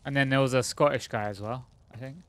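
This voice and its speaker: A male game streamer giving casual commentary while he plays. He thinks out loud, rambles, and stops often on fillers and half-finished thoughts. His voice sits in an ordinary middle register. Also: medium pitch, fairly even intonation, quick pace, slight background noise.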